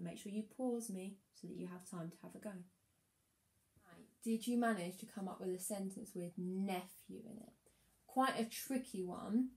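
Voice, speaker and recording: A woman teaching a phonics lesson to young children, encouraging them and sounding out words slowly. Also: medium pitch, darkish tone, echoey room. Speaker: primary school teacher.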